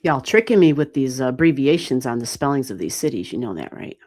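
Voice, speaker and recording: A woman giving live astrology readings on a stream, chatty and animated, swearing casually and laughing often. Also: very deep voice, fairly quick. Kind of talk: casual livestream chat.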